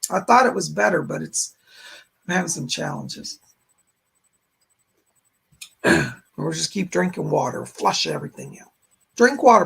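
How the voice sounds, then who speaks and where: A man hosting a psychic live stream with a hoarse voice that keeps going out, chatting to viewers and leading a guided meditation. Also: high voice, fairly bright tone. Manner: speaks straight to viewers, frequent throat clearing. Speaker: psychic medium host.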